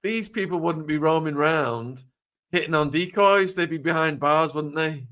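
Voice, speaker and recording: A man's voice: a little high, normal speed, a bit bright. A man with a British accent hosting an interview, pushing back bluntly with questions. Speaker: host. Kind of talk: interview discussion.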